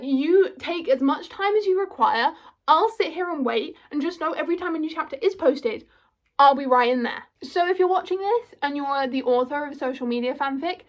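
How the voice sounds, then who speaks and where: A young woman, gushing in a casual vlog and filling her talk with "like". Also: sits high. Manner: gushing, filler-heavy, full of "like". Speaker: vlogger.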